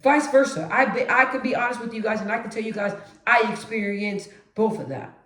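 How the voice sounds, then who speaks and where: A woman vlogging straight to camera, with a naturally deep voice she lifts a notch as she talks emphatically. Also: brisk, echoey room. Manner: emphatic, animated, conversational. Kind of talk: direct-to-camera monologue.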